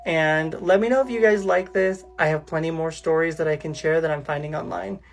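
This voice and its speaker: A woman calmly reading a first-person creepy story, then signing off as host. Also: low-pitched, brisk. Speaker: channel host and narrator. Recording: faint music underneath.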